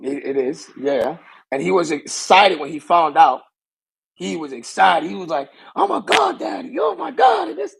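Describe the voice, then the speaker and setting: A man's voice: fairly high pitch, gravelly, husky, rough recording. A young man, a pro wrestler guest, telling a rambling story in casual talk and circling back with the same stock phrase.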